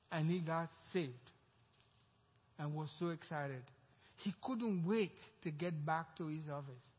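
A man preaching a sermon as pastor, acting out the voices in his story with animated emphasis. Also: on the high side, breathy edge. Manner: animated preaching, acts out quoted dialogue. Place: church sanctuary. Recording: dull echoey church hall recording.

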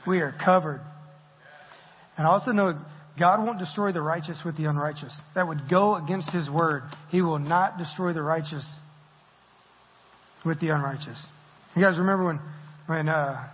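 A man's voice: on the high side, moderate pace, long pauses, slight background noise. A man giving a conversational, self-deprecating sermon in a church, laughing often as he talks. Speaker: preacher. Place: church sanctuary. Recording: muffled audio with long hall reverb.

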